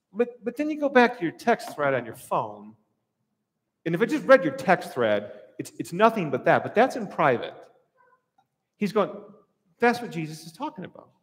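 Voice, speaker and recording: A high-pitched man preaching in a church sanctuary, his voice swinging widely up and down. He is animated and acts out little scenes in other voices, and a long reverb trails behind every phrase. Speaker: pastor. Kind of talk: sermon.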